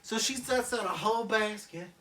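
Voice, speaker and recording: A man's voice: sits high, normal speed, sharp tone, roomy sound, distant mic. A man casually retelling a cartoon episode for friends, crude and rambling. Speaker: storyteller among friends. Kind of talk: comic retelling with voices.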